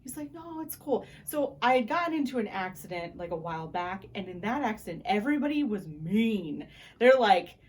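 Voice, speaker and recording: A woman's voice: mid-range voice, fairly quick. Woman vlogger retelling a car crash. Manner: animated retelling, acting out quoted voices. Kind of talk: casual storytelling to camera.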